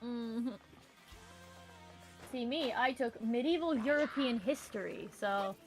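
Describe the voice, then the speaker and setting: A woman co-hosts a casual chat, dropping in short, dry remarks. Her voice sits a little high. Faint music runs in the background. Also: takes it slowly, low-quality recording.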